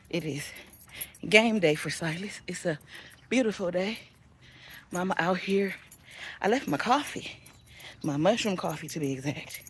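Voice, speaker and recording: Chatty mom vlogging outdoors. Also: female voice, fairly low pitch, slightly rough. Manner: relaxed and chatty, loud excited cheering from the sidelines. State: slightly winded. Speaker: vlogger, parent at a youth football game. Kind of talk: casual vlog chat. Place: outdoors at a youth football field.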